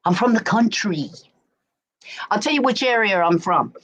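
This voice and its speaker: Speaking at a moderate pace with lively intonation, this middle-aged woman from Berkshire, England has a medium-pitched voice. She's chatting casually on a stream and keeps asking "do you know what I mean," with poor audio from a desk mic.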